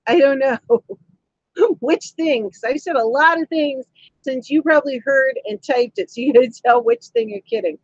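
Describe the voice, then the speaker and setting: A woman's voice: sits high, no room sound, muffled recording. A woman hosting a live stream from home, chatting cheekily with viewers, laughing often as she reads their comments. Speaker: livestream host. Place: indoors at home. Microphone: camera mic.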